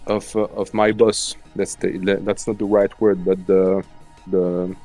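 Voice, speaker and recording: Halting low-voiced man with a French accent. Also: level tone, mellow, soft background music. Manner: halting, searching for English words, many restarts. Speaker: guest. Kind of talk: casual chat.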